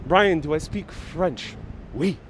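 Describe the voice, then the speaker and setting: A sarcastic, playful man hosts a live stream outdoors on a city street, laughing between jokes. His voice sits a little high, with faint traffic behind it on a wireless lapel mic. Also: slow pace, fairly bright tone. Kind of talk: joking live walking stream.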